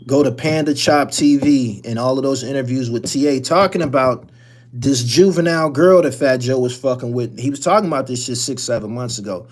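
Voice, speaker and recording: Blunt, profane call-in show host. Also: male voice, mid-range voice, a little fast. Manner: blunt, profane, rambling with restarts. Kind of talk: casual live-stream call-in talk.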